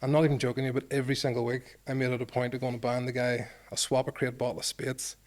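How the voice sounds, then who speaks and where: In his forties and from Northern Ireland, an ex-rugby player relates a lengthy anecdote in an interview, self-deprecating throughout and performing the exchanges he quotes. He speaks fast at a medium pitch with a flat delivery.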